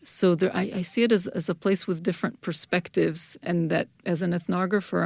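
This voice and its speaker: Woman, low voice with some fry, dry close sound, measured academic talk. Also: darkish tone, no room sound. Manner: thoughtful, measured, with restarts. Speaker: guest scholar, folklorist and anthropologist. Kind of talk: podcast interview answers.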